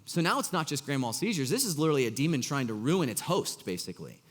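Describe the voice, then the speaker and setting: A man's voice: fairly high pitch, quick pace, in a large hall. A man preaching a casual, joking sermon as pastor, acting out scripture characters with exasperated voices. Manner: animated, acts out Jesus's lines in an exasperated voice; casual and joking, full of fillers. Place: church hall.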